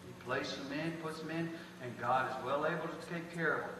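Preacher man, folksy and emphatic, somewhat high, caught from far off in a noisy echoing sanctuary. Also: a little fast. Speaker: pastor. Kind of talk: sermon. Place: church sanctuary. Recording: echoey hall from far off, noisy.

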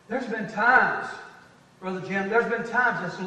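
A man in his fifties, a pastor preaching a sermon, swinging between loud declarations and quiet conversational asides. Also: high-pitched, moderate pace. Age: 50s. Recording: echoey hall from far off.

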